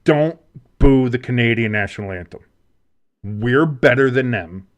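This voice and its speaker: A man in a mid-range voice chats loosely on a sports podcast, peppering his talk with swearing and fillers. His pitch swings widely as he rambles from point to point. The delivery is casual and unpolished. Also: animated, unhurried. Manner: profane, rambling, heavy fillers. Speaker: podcast co-host.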